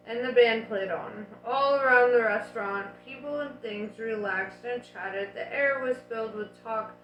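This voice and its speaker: A woman reading a novel aloud in a casual, unhurried way, dropping in her own asides. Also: fairly high pitch, fairly bright tone, reverberant, poor audio. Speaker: audiobook reader.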